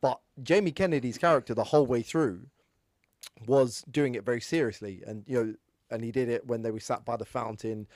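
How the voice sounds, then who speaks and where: A man's voice: mid-range voice, darkish tone, no echo. Rambling man, dry close sound. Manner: rambling, explanatory, many restarts. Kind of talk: casual film discussion.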